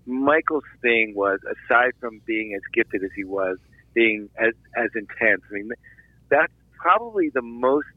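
A man from Philadelphia, a filmmaker guest, telling a long anecdote in an animated interview, with restarts and asides. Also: medium pitch, unhurried, no echo, narrow, tinny audio. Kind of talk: storytelling interview.

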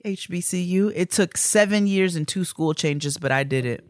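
A woman's voice: on the low side, moderate pace, no room sound, clean studio sound. A woman co-hosting a podcast, reading listener letters aloud in a playful, chatty way and laughing often. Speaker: podcast co-host.

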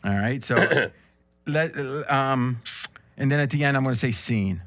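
A man's voice: mid-range voice, fairly even intonation, fast talker, a bit bright. A man hosting a sports betting podcast, chatty and joking at his own expense. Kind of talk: casual chat.

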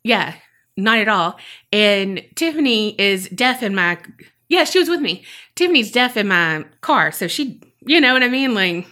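A woman's voice: medium pitch, sing-song, normal speed, bright, forceful tone. A woman, telling a personal story on a podcast and acting out her own past remarks. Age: 30s. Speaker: podcast co-host. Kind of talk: casual storytelling chat.

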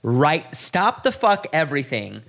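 A podcast co-host in casual chat, loud and joking, swearing freely. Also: mid-range voice, very animated, a little slow, vocal fry.

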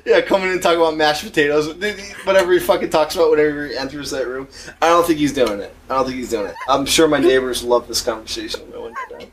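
A man co-hosting a podcast in crude casual banter, his pitch swinging widely as he swears and laughs. His voice sits a little higher than most men's. There is a faint hiss of room noise behind him. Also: huge pitch swings, fast. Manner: profane, emphatic, laughs often. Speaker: podcast co-host.

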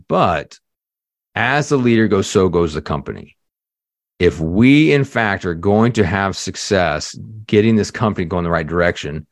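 A leadership coach appearing as a podcast guest tells a story in a lively, conversational manner, sprinkling in "you know" fillers and acting out quotes. His voice sits low, with no room sound.

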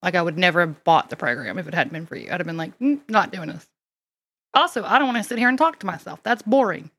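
A woman's voice: fairly low pitch, lively intonation, rapid-fire, fairly bright tone, no room sound. A woman from Mississippi with a Southern accent, co-hosting a casual chat podcast and telling stories in a self-deprecating, chatty way. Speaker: podcast co-host and storyteller.

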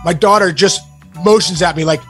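A man with a notably high voice, co-hosting a casual podcast chat. He tells stories in an animated way and keeps calling his friend "bro" and "dude". Faint music sits behind him. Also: a little fast. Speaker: podcast co-host.

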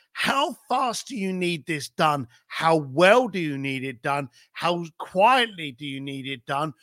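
A middle-aged podcast guest with a high, bright, sharp voice tells business stories emphatically and with real animation. He strings rhetorical questions together and swears casually, all captured in a close, dry recording.

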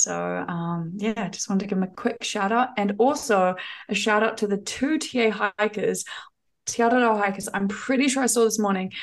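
A woman guest on a podcast, telling stories casually, enthusiastic and chatty with lots of ums and restarts. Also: medium pitch. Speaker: podcast guest, thru-hiker. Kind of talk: casual conversational storytelling.

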